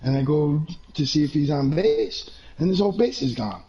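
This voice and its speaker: A man's voice: a little high, lively intonation, normal speed, mellow. Laid-back swearing man, lo-fi mic. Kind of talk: casual chat about a game. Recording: dull lo-fi mic with faint hiss.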